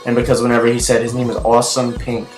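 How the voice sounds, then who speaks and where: A young man giving a casual, rambling TV episode review, chatty and excitable, full of fillers and restarts. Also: mid-range voice, quick pace. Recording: echoey room with faint music.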